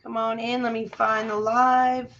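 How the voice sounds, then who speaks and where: A woman's voice: on the high side, little pitch movement, unhurried, a bit bright. Chatty woman hosting a craft livestream. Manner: chatty, greets viewers by name. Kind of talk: casual live crafting tutorial. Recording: muffled lo-fi livestream audio.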